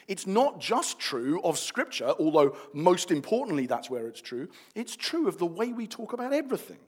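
A man preaching a sermon, animated and building to emphatic declarations. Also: sits high.

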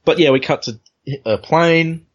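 A man's voice: a little high, unhurried. A man hosting a casual comic book chat, easygoing, walking through the panels step by step. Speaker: podcast host. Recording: dull lo-fi recording.

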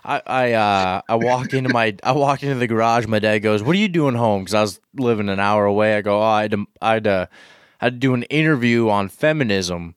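A man's voice: fairly low pitch, a little fast, clear, resonant tone, no room sound, clean studio sound. Young man rambling on a podcast. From Minnesota. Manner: rambling, profane, restarts a lot. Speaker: podcast guest. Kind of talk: casual chat.

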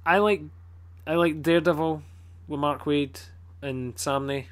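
A man's voice: fairly high pitch, steady tone, unhurried. A man with a Scottish accent chatting casually as a podcast co-host, blunt, swearing a lot and rambling with plenty of fillers. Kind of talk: casual chat.

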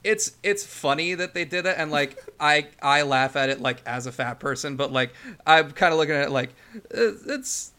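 A man's voice: fairly high pitch, normal speed, bright, forceful tone. A young man co-hosting a casual podcast chat, laughing often and restarting his sentences. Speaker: podcast co-host.

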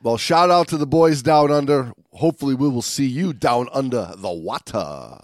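A man's voice: mid-range voice, animated, normal speed, no echo, clean studio sound. Upbeat male podcast host. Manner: upbeat, stumbles and restarts, gives shout-outs. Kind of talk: casual chat.

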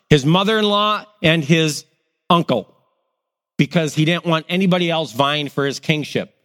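A long reverb trails this middle-aged pastor's voice, which is on the high side. He shares personal stories in his sermon, lively and acting out every quoted voice.

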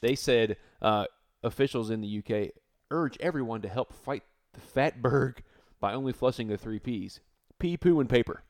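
A man's voice: medium pitch, moderate pace, no room sound. A man in his thirties co-hosting a podcast, relaying odd news with wry, swearing casual chat. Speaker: podcast co-host.

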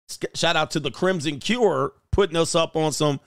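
A man's voice: a little high, slow, a bit bright, smooth, no room sound, studio quality. A man hosting a casual livestream, joking and laughing as he reads out viewer comments. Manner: joking, laughs often, slangy. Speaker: show host.

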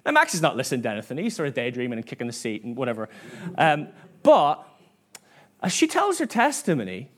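A man's voice: medium pitch, huge pitch swings, quick pace. A man preaching a sermon in church, chatty and self-mocking, acting out quoted voices as he tells stories.

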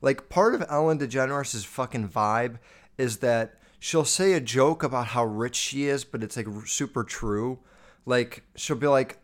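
A man's voice: medium pitch, normal speed, clear, resonant tone. Swearing man ranting on a podcast. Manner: heavy swearing, loose and animated. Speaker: podcast host. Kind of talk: casual ranting monologue.

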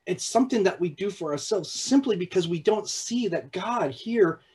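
A man preaching a sermon in a halting way, with repeated words and restarts, at times dropping to a hushed, slow voice for emphasis. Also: high-pitched, lively intonation, slightly rough, low-quality recording. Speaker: pastor.

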